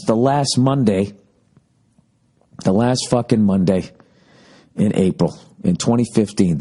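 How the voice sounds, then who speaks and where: On his podcast, a man with a lowish, mellow, husky voice tells road stories. The casual monologue rambles, swears a lot, and includes impressions that mock people.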